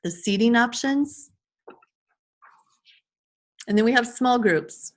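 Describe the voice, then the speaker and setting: A woman's voice: fairly high pitch, takes it slowly. A woman giving an informal online class to teachers over a video call, chatty with frequent restarts and fillers. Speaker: early childhood trainer.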